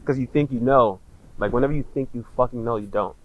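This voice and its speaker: A man in his thirties, a podcast guest, telling a personal story candidly, in casual slang with frequent swearing and halting restarts. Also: mid-range voice, phone-quality sound, a crowd in the background.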